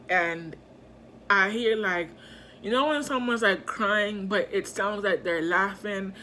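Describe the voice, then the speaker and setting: A woman's voice: mid-range voice, sharp tone, a little hiss or hum. A young woman telling a storytime in a casual, chatty way, full of slang and fillers. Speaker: vlogger.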